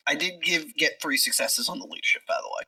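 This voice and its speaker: Bright-voiced player explaining tactics. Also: mid-range voice, quick pace, distant mic, poor audio. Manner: thinks aloud, explains tactics at length. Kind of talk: tabletop role-play chat.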